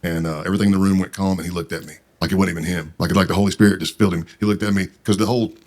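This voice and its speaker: A man's voice: sits low, fairly even intonation, very fast, darkish tone. A man telling a long personal story in a casual, rambling way, with many fillers and restarts. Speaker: podcast guest.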